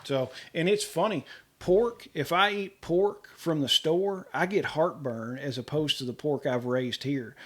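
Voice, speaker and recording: A middle-aged man with a slightly raised voice tells casual, lively homestead stories. He keeps slipping into the voices of the people in them and laughs easily as he goes. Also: a little high, unhurried. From Kentucky, US. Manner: animated, quotes people in dialogue, laughs often. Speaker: homesteader guest. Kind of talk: casual storytelling.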